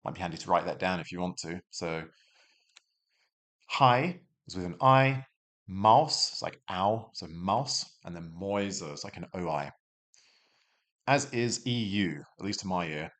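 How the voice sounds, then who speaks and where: Chatty low-voiced man teaching German. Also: lively intonation, unhurried, fairly bright tone. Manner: chatty, self-deprecating, rambling asides. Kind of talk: casual self-recorded language lesson.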